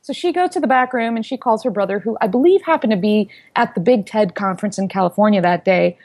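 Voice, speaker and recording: A woman in her thirties, a founder telling her story in an interview, animated and quick to act out what people said. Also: mid-range voice. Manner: animated storyteller who acts out quoted voices.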